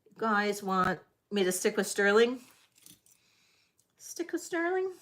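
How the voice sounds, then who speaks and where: A woman's voice: medium pitch, big pitch swings, takes it slowly, fairly bright tone. A middle-aged woman hosting a live vintage jewelry auction, talking in a chatty, scattered, self-deprecating way to her viewers. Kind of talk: casual live-stream selling chat.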